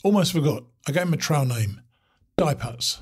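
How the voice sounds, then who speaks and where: A wry old hand of the trail , read aloud by a man, trading dry jokes over coffee. His voice is husky and rough-edged, his humor teasing and easy. It sounds like a storybook read aloud. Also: a little high, expressive, moderate pace, a little mellow. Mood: wry, joking. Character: wry, easygoing male trail veteran joking over coffee.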